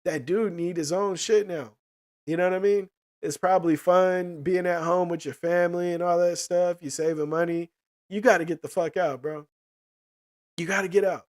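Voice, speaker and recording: A man talking loosely to his stream chat, full of slang and swearing, and he keeps asking if you know what he means. His voice sits a little higher than most men's. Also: fairly even intonation, normal speed, a little mellow. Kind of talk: casual chat.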